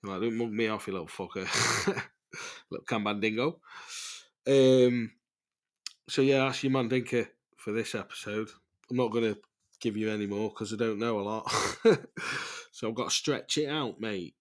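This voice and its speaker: Speaking on the low side and a little slowly, with frequent pauses, a male podcast host rambles through a casual voice-note episode. He keeps it loose and chatty, cursing without restraint and chuckling at his own expense.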